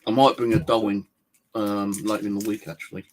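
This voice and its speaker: A man streaming live from his flat as a ghost hunter, muttering to himself between calls out to spirits. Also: on the low side, fairly quick, slight background noise, poor audio. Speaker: paranormal investigator streaming live. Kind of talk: casual live-stream monologue. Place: at home in his flat, indoors.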